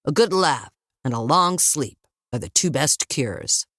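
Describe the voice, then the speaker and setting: A woman voicing a gruff older father with a dry, teasing manner. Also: deep voice, lively intonation, unhurried, fairly bright tone, no room sound, exaggerated voice.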